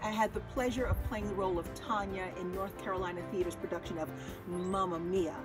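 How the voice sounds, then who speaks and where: A woman's voice: medium pitch, fairly even intonation, fairly quick. A woman stage performer making an earnest, direct fundraising appeal. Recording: clear music bed. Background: music.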